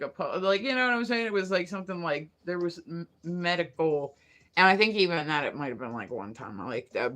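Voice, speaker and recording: A woman's voice: fairly low pitch, a bit bright. A woman hosting a casual morning livestream, rambling through stories with lots of fillers and laughing at herself. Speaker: livestream host.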